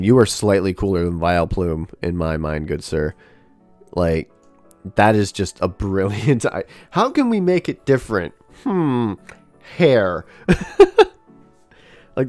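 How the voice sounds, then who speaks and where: A man talks through his stream in a loose, chatty way, thinking out loud and laughing often. His voice sits on the lower side and the sound is dry and close. Faint music plays behind him. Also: no echo. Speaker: livestreamer ranking a tier list. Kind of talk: casual livestream commentary.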